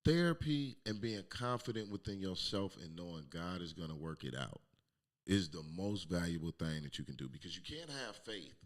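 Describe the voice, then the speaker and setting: A middle-aged man hosting his own podcast, telling a raw, emotional personal story with plenty of profanity and sometimes dropping to a hush. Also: low voice, animated, normal speed. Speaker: podcast host. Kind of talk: candid personal monologue.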